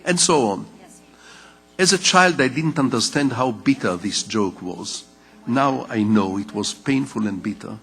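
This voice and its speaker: An older man who grew up speaking Hebrew gives a public lecture in English, telling personal stories in a measured, wry way with deliberate pauses. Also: mid-range voice, expressive, a bit bright, breathy edge, faint music behind. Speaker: lecturing novelist. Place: conference hall. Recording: reverberant lecture hall.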